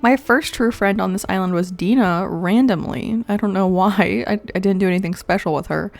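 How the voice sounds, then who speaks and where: A young woman giving casual commentary while playing a video game, excitable and quick to gasp and laugh. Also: mid-range voice, vocal fry. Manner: excitable, gasps and laughs often. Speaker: gaming video creator.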